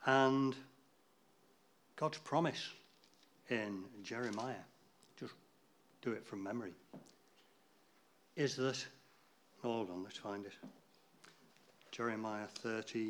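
A man's voice: lowish voice, measured pace, long pauses, a little hiss or hum. A man giving an informal, rambling talk to a church group, chatty and losing his place now and then.

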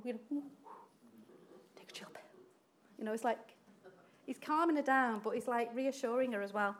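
A woman preaching a sermon in an animated way, acting out quoted voices and laughing often. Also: high-pitched, a little hiss or hum.

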